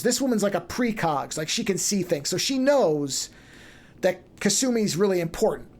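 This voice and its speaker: Animated podcast host retelling a plot. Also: medium pitch. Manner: animated storytelling, acting out characters' lines in quick asides; loose and chatty, frequent restarts. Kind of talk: casual chat, retelling an anime plot.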